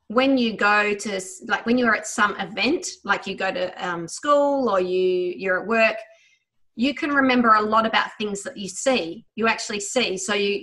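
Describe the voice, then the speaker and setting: A woman teaching a memory exercise over a video call, guiding listeners through a visualization in a quick, enthusiastic, chatty way. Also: mid-range voice, bright, forceful tone. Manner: quick, enthusiastic talker who tries to slow down; chatty, with many fillers. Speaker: memory trainer. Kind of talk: guided visualization lesson.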